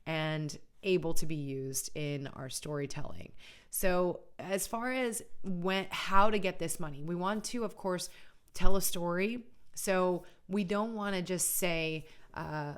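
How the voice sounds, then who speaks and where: Low-voiced earnest woman host. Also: measured pace. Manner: earnest, conversational, often adds "right?". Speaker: college funding educator and channel host. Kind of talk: casual educational video talk.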